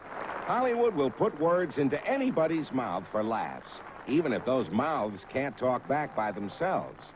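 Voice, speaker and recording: A man's voice: mid-range voice, big pitch swings, unhurried, noisy background. A man giving scripted narration that introduces classic comedy clips, in a wry presenting tone. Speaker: documentary narrator.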